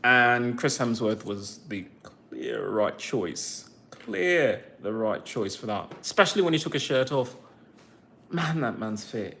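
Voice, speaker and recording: A man with a mid-range, gravelly voice and a fairly bright tone speaks slowly but with animation, over a little hiss or hum. Born in the United States but speaking with an English accent, he's a streamer chatting casually and replying to his viewers, teasing them with sarcastic asides.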